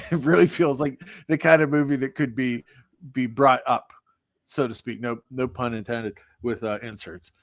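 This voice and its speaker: A man's voice: medium pitch, steady tone, moderate pace, no echo, studio quality. Rambling sarcastic man reviewing films. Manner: rambling, sarcastic, acts out quotes. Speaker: podcast co-host. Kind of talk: casual movie review chat.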